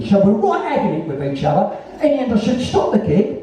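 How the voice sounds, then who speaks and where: A man of about sixty with a London Cockney accent tells a rambling, foul-mouthed story. His voice sits high yet is deeply dark and mellow in tone. He is picked up from a distance in a very echoey venue, with a dull, muffled sound. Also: big pitch swings, a little fast, slight background noise. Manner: blunt, heavy swearing, rambling tale-telling. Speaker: guest musician in an onstage conversation. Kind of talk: anecdotal storytelling. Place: live music venue, in front of an audience.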